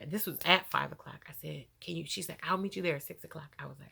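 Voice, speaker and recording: A woman recounts her personal story to camera in a casual, animated manner with features, laughing a lot and getting emotional. Her gravelly voice is on the low side, and she talks quickly with few pauses.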